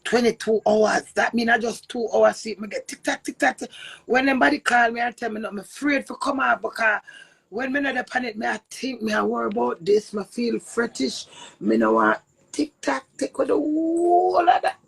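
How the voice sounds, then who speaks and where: A woman's voice: on the high side, brisk, creaky, husky, dry recording. A middle-aged Jamaican woman chatting casually on a live stream, telling stories and laughing often. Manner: animated storytelling with frequent laughs.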